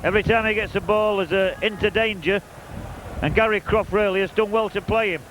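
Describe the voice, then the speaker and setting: A high-pitched man calls a football match from an exposed commentary position, chatty and openly partisan with wry asides. The outdoor recording carries loud stadium noise. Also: a little fast. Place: open-air commentary position at a football ground.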